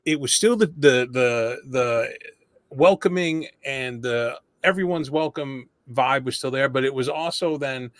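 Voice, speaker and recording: A man hosts a casual podcast interview, rambling through self-deprecating stories in a middle-pitched voice. The recording is dry and close, with no room sound. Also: unhurried, no room sound. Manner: chatty, self-deprecating storyteller. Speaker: podcast host.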